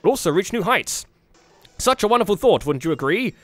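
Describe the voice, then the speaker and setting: A man's voice: high voice, very animated, brisk, dry recording. A man reading out the lines of a smug, scheming male traitor in a video game, in a suave, self-satisfied tone.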